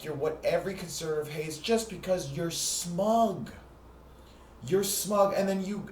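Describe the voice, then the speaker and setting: A man's voice: fairly high pitch, a little mellow. Man ranting profanely in an echoey room. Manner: profane, heated, sarcastic. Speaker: host. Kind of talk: ranting monologue. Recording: echoey room with faint noise.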